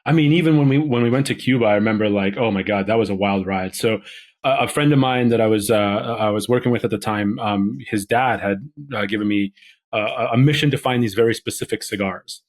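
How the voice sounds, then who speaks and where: A man's voice: lowish voice, a little fast. A man, a filmmaker guest on a podcast, talking casually and meandering, often restarting his sentences. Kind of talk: casual conversational chat.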